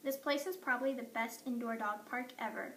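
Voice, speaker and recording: A woman reading a children's story aloud with a lively, expressive delivery, in an echoey room away from the mic. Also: fairly high pitch, fairly quick, distant mic, a little hiss or hum. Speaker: audiobook narrator. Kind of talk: storybook narration in a dog's voice.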